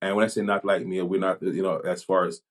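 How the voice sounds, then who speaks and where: In a relaxed podcast chat, a Jamaican man with a fairly low voice speaks as a pastor and police chaplain. He thinks aloud, halting and restarting often, stumbling over his opening words before settling his point with calm conviction in a reflective way.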